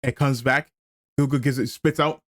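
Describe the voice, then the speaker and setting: Game streamer, male, mid-pitched, ranting casually with restarts; dry mic, soft music bed. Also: normal speed, no room sound. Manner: animated ranting, stammering restarts.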